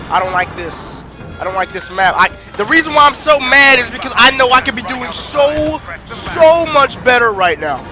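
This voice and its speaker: A male gaming streamer commenting on his gameplay, ranting in frustration and swinging from low muttering to loud shouting. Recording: game music loud behind voice.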